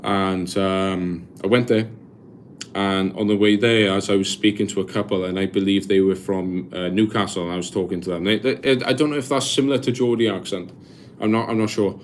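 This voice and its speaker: A man's voice: low voice, steady tone, fairly quick, slight background noise. Chatty young Welsh man on a live stream. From Wales. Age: 20s. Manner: rambling, chatty, many restarts and fillers; reads viewer comments aloud and answers them. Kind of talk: casual live-stream chat.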